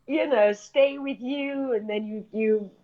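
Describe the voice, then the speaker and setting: Brief: middle-aged British woman, animated storyteller, slightly muffled lo-fi audio. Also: fairly high pitch, slow. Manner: animated anecdotes, acts out quoted voices, laughs often. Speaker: actress and screenwriter, interview guest. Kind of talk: casual interview storytelling. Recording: dull lo-fi audio.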